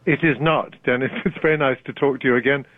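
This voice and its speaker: A man's voice: mid-range voice, fairly even intonation, quick pace, dry recording. An older man with a British accent, a genial and wry author guest in a casual interview, chuckling often. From Britain. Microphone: telephone. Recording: tinny phone line.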